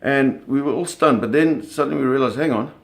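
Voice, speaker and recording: A middle-aged man casually telling a story, animated, with sound effects and acted quotes. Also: mid-range voice, brisk, vocal fry. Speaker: storyteller recounting a fishing trip.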